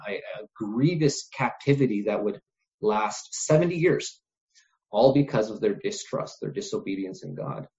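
A man's voice: on the low side, darkish tone. A man preaching a sermon in an earnest way, often stopping to repeat words and asking "right?" as he reasons with his listeners. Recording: dull lo-fi recording.

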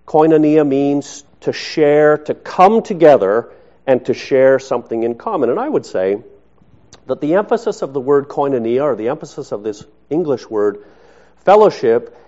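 A man preaching to his congregation in a conversational, unhurried way, with rhetorical asides. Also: a little high, lively intonation, darkish tone, lo-fi sound. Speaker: pastor. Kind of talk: sermon.

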